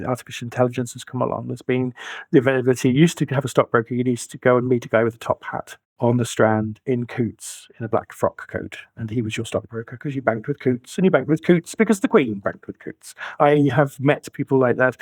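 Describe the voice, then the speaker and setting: A financial planner in his forties is interviewed conversationally, speaking emphatically and grabbing for colourful analogies. His mid-range voice is steady, brisk, and a little mellow, captured in a dry recording.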